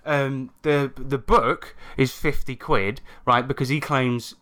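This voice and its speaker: A man's voice: mid-range voice, steady tone, takes it slowly, pushed and bright. A man, hosting a casual podcast chat, reading out listener comments and swearing freely. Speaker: podcast host.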